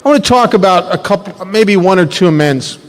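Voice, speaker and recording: A man tells stories to a recovery workshop, his voice swooping up and down with lots of energy and frequent restarts. His voice sits a little high, and a long hall reverb hangs behind him. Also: a little fast. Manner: animated, repetitive storytelling. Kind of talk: personal storytelling talk.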